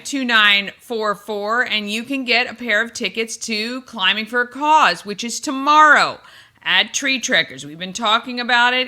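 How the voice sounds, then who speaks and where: A woman hosting a live local morning show, chatting and running through giveaways in an upbeat way. Her voice is very bright and sits a little high. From Maryland, USA. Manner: upbeat, reads giveaways and phone numbers. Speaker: host.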